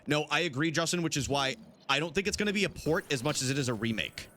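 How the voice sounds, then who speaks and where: A man's voice: on the high side, animated, quick pace, bright, forceful tone, a little hiss or hum. A young man chatting casually with his live-stream chat while playing, swearing freely.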